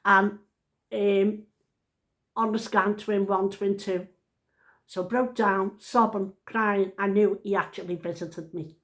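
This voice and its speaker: A woman's voice: medium pitch, steady tone, takes it slowly, a bit bright. Older scouse lady rambling through a family tale, chatty and homely. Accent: Liverpool. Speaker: vlogger. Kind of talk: casual storytelling.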